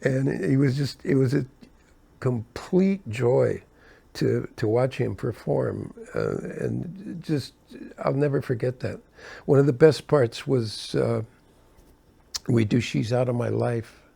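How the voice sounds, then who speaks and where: An older man, a keyboardist, telling animated stories from his touring days in a casual way. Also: slow, gravelly, husky. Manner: animated, acts out quotes with rising pitch. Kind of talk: casual storytelling.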